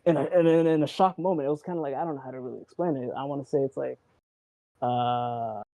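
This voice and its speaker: A man in casual chat about wrestling, rambling and excitable, acting out quotes and swearing. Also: mid-range voice, fast, no echo, rough recording. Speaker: wrestling show co-host.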